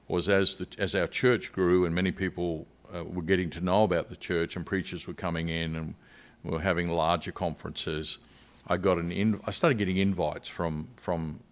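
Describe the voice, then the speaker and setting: Deep-voiced Australian man, earnest storyteller. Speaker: missionary guest. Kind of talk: podcast interview storytelling.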